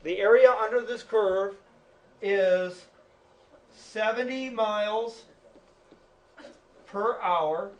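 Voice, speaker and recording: A man's voice: sits high, drawn-out words, long pauses, muffled recording. A male teacher giving a chatty classroom lecture, joking with his students. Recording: echoey classroom from far off.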